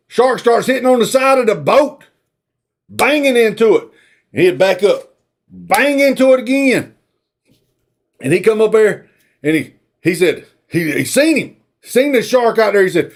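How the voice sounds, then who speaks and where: A man's voice: high voice, very animated, a little slow, pauses often. A man, retelling a movie plot as a rambling, folksy comic story. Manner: rambling, folksy, drawling asides.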